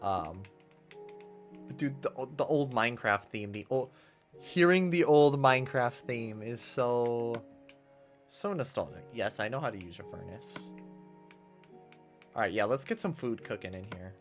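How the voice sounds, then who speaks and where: A man's voice: medium pitch, expressive, unhurried, pauses often. A man streaming a game, chatting casually and nostalgically while he thinks aloud. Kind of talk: casual gameplay commentary. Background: faint game music.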